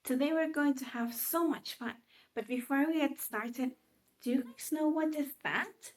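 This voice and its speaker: A woman teaching young children in a video lesson, talking in a slow, sing-song, coaxing way. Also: high-pitched, poor audio.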